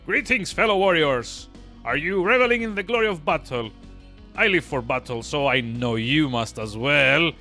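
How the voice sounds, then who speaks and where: A man voicing a boisterous, battle-loving fighter in a loud, declamatory, raised voice. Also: on the high side, lively intonation, moderate pace, soft background music.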